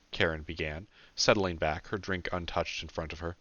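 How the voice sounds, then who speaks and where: A man, the author, narrating his own audiobook in a plain, steady manner. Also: deep voice, normal speed, hardly any pauses, no echo, lo-fi sound.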